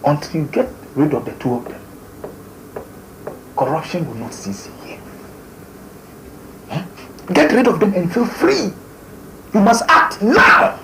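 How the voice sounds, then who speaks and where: An actor with a Ghanaian English accent playing a scheming adviser who speaks in a hushed, insistent way. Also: male voice, fairly high pitch, heavily acted. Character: scheming male adviser urging ruthlessness. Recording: noisy background.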